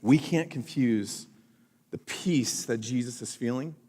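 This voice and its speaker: A man's voice: medium pitch, unhurried, darkish tone, slightly rough. A male pastor preaching a sermon, telling jokey self-mocking stories to the congregation. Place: church auditorium. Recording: church hall with long reverb.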